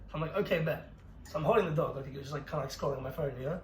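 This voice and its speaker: Telling a story on a podcast he co-hosts, this young man speaks in a slightly high, steady voice, cursing freely and moving briskly as he laughs at his own tale. Faint noise and a roomy echo sit in the recording.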